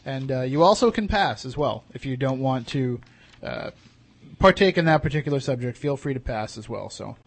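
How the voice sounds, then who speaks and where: A man's voice: medium pitch, expressive, moderate pace, creaky. A man moderating a timed debate, calling time and joking between rounds. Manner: friendly, joking timekeeper. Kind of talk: casual podcast moderation.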